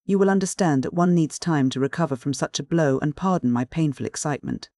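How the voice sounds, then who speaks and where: A man's voice: fairly high pitch, fast, a little mellow, dry recording, clean studio sound, lightly acted. A man voicing a proud, cold noble countess, formal and commanding in a storybook reading. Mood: bitter.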